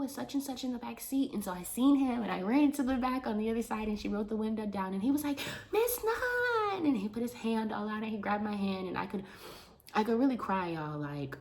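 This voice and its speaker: A young adult woman chatting casually to the camera in an animated way about her work as a teacher's aide. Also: lowish voice. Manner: animated, talks with her hands. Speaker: vlogger, school paraprofessional. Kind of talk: casual vlog chat to camera.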